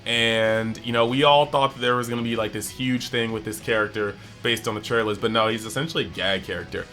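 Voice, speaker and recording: Male anime reviewer, bright tone, loose and chatty, acts out quotes as he goes. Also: fairly low pitch, soft background music. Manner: animated, acts out characters' lines in quick bits; chatty, heavy use of "like". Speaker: anime review channel host. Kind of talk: casual episode breakdown.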